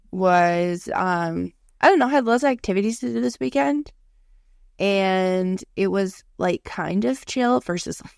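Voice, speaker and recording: A woman's voice: mid-range voice, vocal fry, no room sound, clean studio sound. A woman in her thirties co-hosting a podcast, telling stories in a casual, chatty way with quoted asides. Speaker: podcast co-host. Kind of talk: casual chat.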